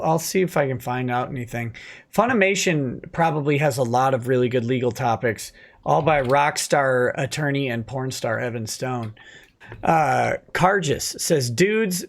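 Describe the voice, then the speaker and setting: A man's voice: medium pitch, normal speed. A man hosting a casual late-night livestream, reading viewer comments aloud and answering them with dry quips.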